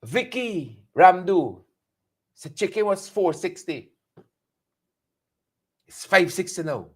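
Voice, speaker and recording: A Guyanese man delivers satirical commentary in a high voice that leaps up and down as he talks. He hammers his points by repeating them and mimicking others. The delivery is animated and mocking. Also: slow pace, breathy edge. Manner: animated, repeats lines for emphasis, mocks with mimicry. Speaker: host.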